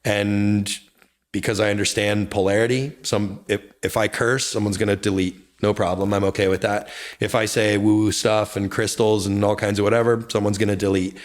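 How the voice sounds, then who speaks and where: Intense, confessional man with a low voice. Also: moderate pace. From United States. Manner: intense, confessional, swings into excited bursts. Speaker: guest, real estate brokerage founder. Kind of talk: candid interview conversation.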